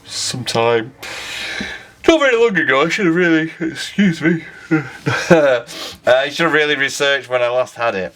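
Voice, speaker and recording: A man's voice: a little high, lively intonation, moderate pace, fairly bright tone. A man talking casually as he reviews a beer on camera, rambling, correcting himself and chuckling at his own slips.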